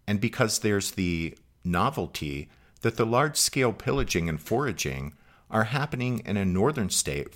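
A man with a notably low, deep voice narrates history from a script. He reads at a measured pace and gives the quoted lines some color. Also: fairly bright tone. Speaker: podcast co-host.

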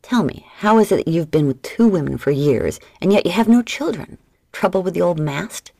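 A woman's voice: fairly low pitch, animated, normal speed, gravelly, dark tone, no room sound, studio quality. A woman voicing a crude, grinning male tavern crony who ribs his friend. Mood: mocking. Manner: mocking, crude ribbing.

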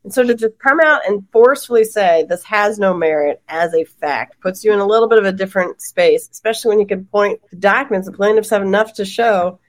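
A woman law professor on a podcast panel, talking in animated quick bursts and often laughing. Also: medium pitch. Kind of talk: podcast roundtable discussion.

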